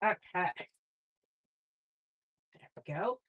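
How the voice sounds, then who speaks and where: A woman's voice: lowish voice, animated, extremely slow, narrow, tinny audio. This is a woman in her forties who hosts a crafting livestream. She talks to her viewers in a chatty, upbeat and casual way, and she sounds like she is at home in her craft room. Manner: chatty and enthusiastic, talking to live viewers. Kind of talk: casual live-stream chat.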